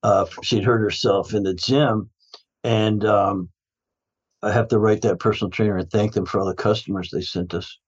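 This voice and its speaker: A man's voice: on the low side, fairly even intonation, normal speed, muffled recording. A man who is a guest in a casual interview, telling stories about his health practice in a rambling way, often restarting his sentences and laughing.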